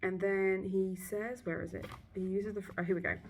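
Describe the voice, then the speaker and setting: A woman's voice: mid-range voice, fairly even intonation, brisk, slight background noise. A young British woman in casual vlog chat, ranting and swearing sarcastically about a book. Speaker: book vlogger. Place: hotel abroad.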